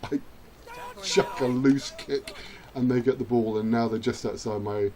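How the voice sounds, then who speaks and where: A man's voice: mid-range voice, fairly even intonation, unhurried, background noise. A man chatting his way through a rugby video game, self-mocking and now and then cheering at the screen. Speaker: gaming channel host. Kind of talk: let's-play commentary.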